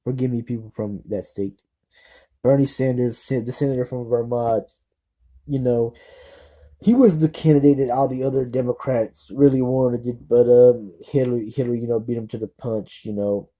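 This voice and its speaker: A man chats casually to his viewers in a deep, very dark tone. He talks haltingly, restarts often, and keeps apologizing for his slips. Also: steady tone, rough recording. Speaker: political vlogger. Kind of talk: casual unscripted commentary.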